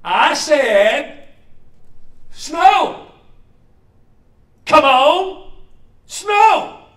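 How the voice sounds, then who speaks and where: A man voicing a small, impatient cartoon boy, calling out high and strained. He is heard in a roomy space, set back from the microphone. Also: big pitch swings, drawn-out words, a bit bright, far from the mic, exaggerated voice. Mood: frustrated.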